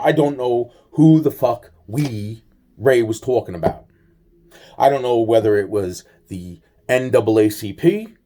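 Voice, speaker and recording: A man's voice: mid-range voice, mellow. A man telling a personal story in a rambling, profane way, full of restarts and acted-out dialogue. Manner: acts out both sides of conversations.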